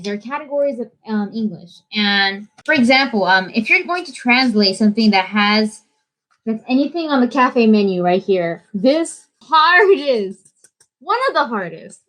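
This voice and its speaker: A woman's voice: a little high, fairly bright tone, rough recording. A young woman from the United States with an American accent, hosting a casual livestream and switching between English and Japanese in a bubbly way. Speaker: livestream host.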